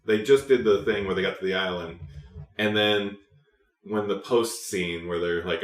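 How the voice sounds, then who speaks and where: A man's voice: deep voice, normal speed, roomy sound. A man hosting a podcast, telling a story in casual chat, laughing often and acting out the voices of people he quotes. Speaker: podcast host.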